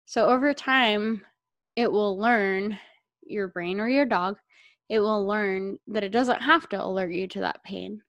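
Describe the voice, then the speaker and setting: A woman's voice: mid-range voice, a little slow, dry recording, highs cut off. Chatty woman podcast co-host. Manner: chatty storyteller, animated, laughs easily. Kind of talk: casual podcast chat about coaching.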